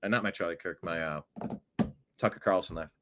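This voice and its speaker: A man's voice: deep voice, a little fast, pushed and bright. A man hosting casual political commentary, sarcastic, and mocking his critics with put-on gasps and voices. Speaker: host.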